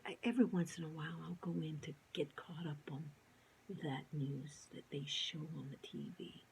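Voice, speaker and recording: Woman vlogging a story, low mellow voice, slips into whispers, faint hiss behind. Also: vocal fry, low-quality recording. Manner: animated, acts out quotes, often drops to a whisper. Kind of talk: personal storytelling monologue.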